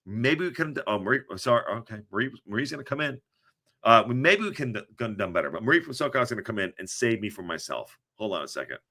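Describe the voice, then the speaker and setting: A man hosts a post-match reaction podcast, his voice bright and edged, swinging widely up and down in pitch. He rambles and trips over his words, restarting sentences as he goes. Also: fast talker. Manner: animated, rambling, stumbles and restarts. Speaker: podcast host.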